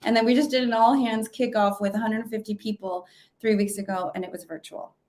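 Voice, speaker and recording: Lady giving a talk on a video call, kinda high voice, lots of ums and restarts. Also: fairly even intonation, a little fast, darkish tone. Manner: conversational, many fillers and restarts. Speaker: webinar speaker. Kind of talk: virtual presentation talk.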